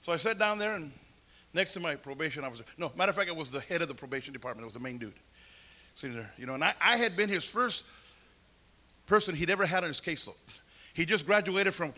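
A man preaching a testimony, telling his story and acting out the people in it, at times rising to shouts. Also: a little high, fast. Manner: storytelling, acts out voices, builds to shouts. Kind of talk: sermon testimony.

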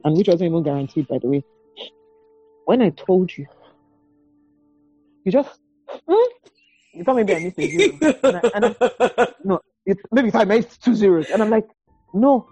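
A woman's voice: medium pitch, lively intonation, moderate pace, long pauses, warm tone, slightly rough, no echo, soft background music. A woman guest on a podcast, chatting candidly and telling a story, often acting out old dialogue and laughing. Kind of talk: candid conversation.

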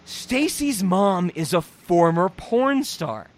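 A young man on a podcast, recapping a movie in casual comedic chat, swearing, laughing and acting out the characters. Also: high voice. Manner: animated, profane, laughing, acts out characters in quick voices. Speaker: podcast host reviewing a movie.

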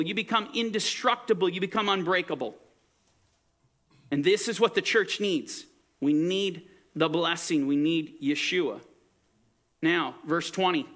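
Male Bible teacher, high bright voice, emphatic preacher's delivery. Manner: emphatic, preacherly, swings between soaring and hushed. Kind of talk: sermon-style Bible teaching.

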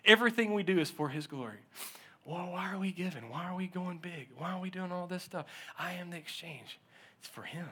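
Man, pastor, sermon, high voice, bright, animated storyteller. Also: fairly quick, husky. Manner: animated storytelling, acts out quotes, often laughs.

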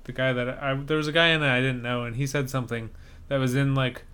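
A man's voice: mid-range voice, fairly even intonation, quick pace, sharp tone, clean tone. A man co-hosting a podcast in casual chat, making wry, incredulous remarks. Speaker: podcast co-host.

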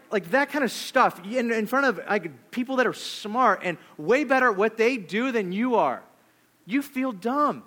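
A pastor preaching with a high voice for a man. He tells stories in an animated way, with quick asides, and moves between jokes and earnest points. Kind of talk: sermon with personal stories.

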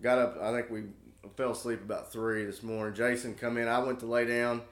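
A man telling profane, animated stories on a podcast and acting out what other people said. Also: medium pitch, brisk, reverberant. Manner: profane, animated storyteller who acts out other people's lines. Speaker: podcast co-host. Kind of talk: casual storytelling chat.

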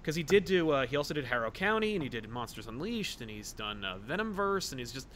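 A man's voice: mid-range voice, very animated, fast talker, a crowd in the background. A man hosting a podcast, chatting casually about comics with lots of fillers and stories. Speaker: podcast host. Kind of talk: casual chat.

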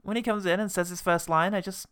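A man's voice: sits high, fairly even intonation, fast talker, a bit bright, clear, resonant tone. A man co-hosting a casual film-review podcast who laughs often, swears and speaks with enthusiasm.

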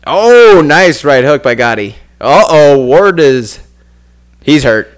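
A man's voice: fairly high pitch, big pitch swings, slow. A man casually watching an old boxing match with a friend, joking wryly, laughing often and cursing freely. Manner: wry and laughing, does gruff mocking voices of fighters. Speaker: co-commentator watching a boxing fight. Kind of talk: casual profane fight watch-along.

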